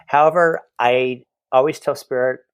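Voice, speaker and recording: A man's voice: medium pitch, moderate pace, clean tone, no echo. A man who works as a medium, chatting as a podcast guest and telling stories animatedly, acting out the conversations. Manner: animated, acts out quoted exchanges, many restarts. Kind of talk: casual storytelling chat.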